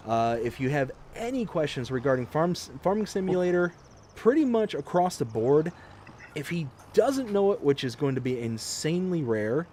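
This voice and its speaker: A man's voice: on the high side, dark tone, slight background noise. A man hosting a farming game livestream, reading viewer comments aloud in a chatty manner and laughing often. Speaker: livestream host.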